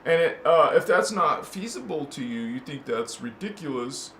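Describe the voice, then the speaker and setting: Man shouting about spiritual war. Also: on the high side, lively intonation, normal speed. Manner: rambling, swings from hushed musing to shouting. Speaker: spiritual channel host. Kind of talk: impassioned spiritual talk. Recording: echoey room with faint noise.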